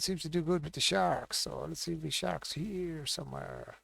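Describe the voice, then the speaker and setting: Gravelly man muttering through a stream. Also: fairly high pitch, normal speed, a bit bright, no room sound. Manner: muttering to himself, thinking aloud. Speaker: gaming streamer. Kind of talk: casual live-stream commentary.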